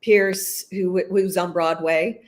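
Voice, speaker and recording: A woman, an actress, being interviewed and chatting casually, telling animated stories and laughing often. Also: on the low side, slow. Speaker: actress guest.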